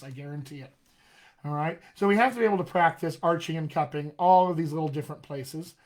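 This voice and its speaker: A man running a live-streamed accent lesson as a dialect coach, explaining tongue and lip shapes and demonstrating vowel sounds. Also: on the high side. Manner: demonstrates vowel sounds, addresses viewers as friends.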